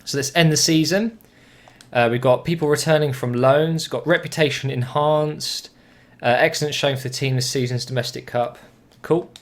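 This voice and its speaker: A young man commentating on his own football video game match, casual and chatty, with swearing and sudden excited outbursts. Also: fairly high pitch, moderate pace. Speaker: gaming commentator.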